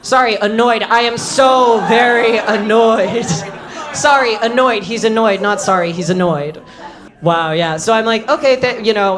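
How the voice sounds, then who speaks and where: A comedic storyteller telling a live story to an audience, animated and bursting into loud shouts at punchlines. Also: female voice, lowish voice. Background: audience laughter.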